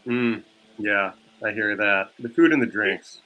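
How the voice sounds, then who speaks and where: A man's voice: fairly low pitch, unhurried, sharp tone. A man hosting a bookstore interview show, friendly and upbeat, handing the talk between guests. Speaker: bookstore owner host.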